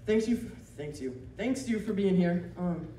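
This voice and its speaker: A male comedian on stage, telling a story in a loose, rambling way and laughing at his own lines as he goes. His pitch swings a lot while he talks. The sound is distant and roomy, with clear crowd laughter and room noise underneath. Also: normal speed. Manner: rambling, animated, often laughing mid-sentence; self-interrupting with restarts and asides. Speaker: stand-up comedian. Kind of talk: live stand-up storytelling. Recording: roomy venue taped from afar. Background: audience laughter and room noise.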